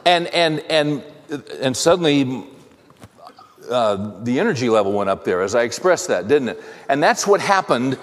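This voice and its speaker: A man hosting a talk, telling a personal story in a halting, restarting way that turns heated. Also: mid-range voice, sing-song. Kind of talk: anecdotal monologue. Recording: long hall reverb.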